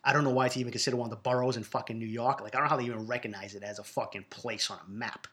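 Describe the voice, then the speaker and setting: A man's voice: mid-range voice, steady tone, very fast, pushed and bright. A man from Boston with a Boston accent, giving a blunt, profane, ranting review of reality TV shows in a casual monologue.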